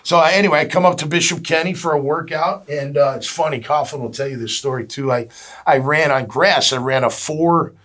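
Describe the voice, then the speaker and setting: A man's voice: a little high, a little fast, fairly bright tone. A man in his fifties from Florida, telling stories as a guest in a casual interview, chatty and full of fillers, acting out the dialogue he recalls. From Jacksonville, Florida. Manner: chatty, acts out quoted dialogue, many "you know" fillers. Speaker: guest, former pro football player.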